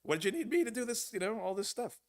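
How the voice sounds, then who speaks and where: A man's voice: sits high, animated, fast, voice pushed up. A man voicing an exasperated, complaining male prophet who sarcastically grumbles at God. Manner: indignant, sarcastic.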